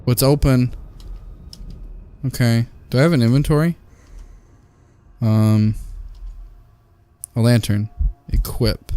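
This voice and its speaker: A man's voice: medium pitch, slow, long pauses, dark tone, smooth. A young man giving let's-play commentary on a horror game, jokey, swearing and easily startled. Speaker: gaming YouTuber.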